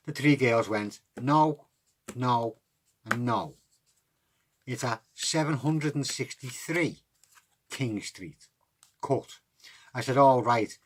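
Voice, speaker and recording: Man, husky, mid-pitched; relaxed card trick tutor talking through each step. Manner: relaxed, chatty instructions.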